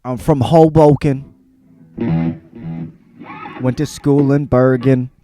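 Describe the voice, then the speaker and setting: A man's voice: mid-range voice, fairly even intonation, warm tone, soft background music, close to an everyday voice. Man putting on a brash Jersey sports fan. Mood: boastful. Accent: put-on New Jersey. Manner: rambling, cursing, quickly dropping the put-on accent.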